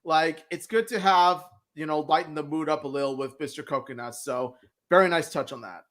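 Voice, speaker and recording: A man co-hosts a casual film review chat, wry and emphatic, with loud outbursts. His voice sits a little high and has a bright, sharp edge. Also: fairly quick. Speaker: co-host.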